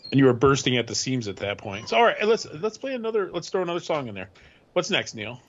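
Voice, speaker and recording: Fast-paced male host, upbeat, slightly muffled sound. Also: mid-range voice, very animated, a little hiss or hum. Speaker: podcast host. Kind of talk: casual interview chat.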